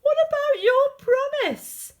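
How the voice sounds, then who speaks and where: A woman's voice: medium pitch, wildly swooping pitch, slow pace, breathy edge, lo-fi sound, pitched above the performer's own voice, exaggerated voice. Woman doing a kindly little frog. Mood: indignant. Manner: patient, kindly, then indignant. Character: friendly small male frog.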